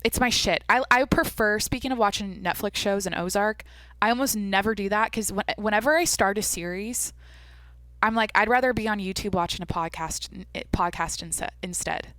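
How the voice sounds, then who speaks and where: A woman's voice: medium pitch, normal speed, a bit bright, no room sound. Rambling, foul-mouthed woman podcast host. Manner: rambling, swears freely, restarts sentences. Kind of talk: casual solo chat.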